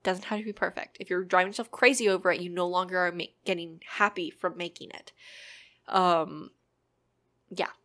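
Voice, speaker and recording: A woman's voice: fairly low pitch, fairly even intonation, moderate pace, pushed and bright. A woman in casual chat, answering viewer questions with earnest, encouraging advice, rambling with many ums and likes.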